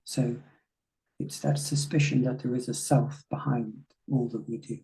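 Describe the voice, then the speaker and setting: A man in a class discussion, explaining an idea in a measured way. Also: medium pitch, fairly even intonation, creaky, mellow, rough recording.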